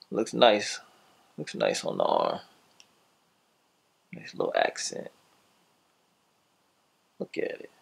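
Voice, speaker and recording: A man casually reviewing a gadget for his vlog, talking to viewers in a laid-back, slangy way and signing off in a louder, upbeat tone. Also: on the low side, wildly swooping pitch, slow, creaky, pauses often, slightly rough.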